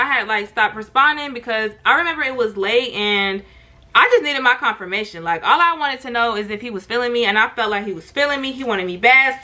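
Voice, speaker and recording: A young woman vlogger telling a storytime in an animated, slangy way, talking straight to her viewers. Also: a little high. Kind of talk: storytime vlog.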